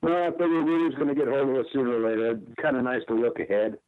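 A man's voice: mid-range voice, steady tone, quick pace. A man from Alabama, calling in to read a poem and chat. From Alabama, USA. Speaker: caller. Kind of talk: poetry reading and casual chat. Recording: phone line.

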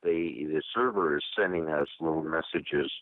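A man from Michigan with a very deep voice talks in a rambling way, filling pauses with fillers. He comes through a narrow, phone-like call line that sounds dry. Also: dry recording. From Michigan, USA. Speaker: caller to a poetry show. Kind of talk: casual chat over a video call.

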